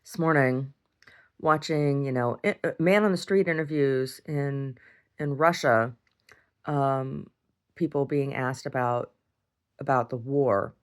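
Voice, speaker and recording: A woman's voice: very deep voice, slow pace. A woman talking casually in a video diary, rambling and often repeating words and restarting sentences. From United States. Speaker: video diarist.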